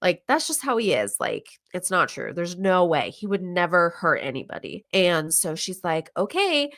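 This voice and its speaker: A woman hosting a casual podcast, retelling a true crime story with lively acted-out quotes and some swearing. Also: lowish voice, moderate pace. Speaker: podcast host recapping a true crime show. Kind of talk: casual chat.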